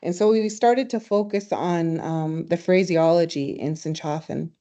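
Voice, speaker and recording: A woman teaching a language in a webinar, speaking warmly and reflectively, telling stories and laughing easily. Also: fairly low pitch, a little slow. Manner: warm, storytelling, laughs easily. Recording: slightly dull webinar audio.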